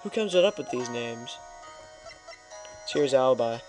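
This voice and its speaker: A young man making casual, joking asides while playing through a game, laid-back and loose. his voice sits at an ordinary middle pitch, with faint music under it. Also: expressive, unhurried, pauses often, darkish tone. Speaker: let's play host. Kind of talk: casual gaming commentary.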